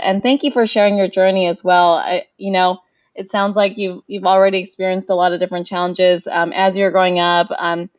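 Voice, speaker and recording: A woman hosting an interview on a video call, reacting warmly and asking questions with hesitant restarts. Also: lowish voice, no echo. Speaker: interview host. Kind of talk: conversational interview. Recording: dry, slightly dull video-call audio.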